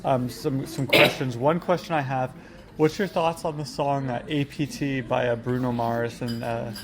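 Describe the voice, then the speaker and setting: A man's voice: medium pitch, steady tone, moderate pace, background noise. A young man hosting a casual podcast in a Korean restaurant, rambling with many fillers. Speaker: podcast host. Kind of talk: casual chat. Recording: busy restaurant chatter behind.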